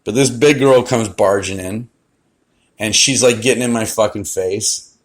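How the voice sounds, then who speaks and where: Foul-mouthed man ranting, low voice. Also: unhurried. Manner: crude, heavy swearing, boastful. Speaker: karaoke host. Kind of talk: profane storytelling rant.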